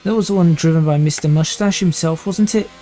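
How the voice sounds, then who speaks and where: A man's voice: a little high, a little fast, mellow, faint music behind. A man in his twenties streaming a racing sim live, thinking aloud and restarting sentences while he drives. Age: 20s.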